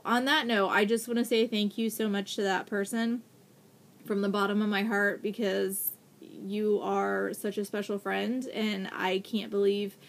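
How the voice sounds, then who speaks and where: Slow-talking gushing woman vlogger. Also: mid-range voice, vocal fry. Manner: gushing, excitable, repeats herself. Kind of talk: casual haul video.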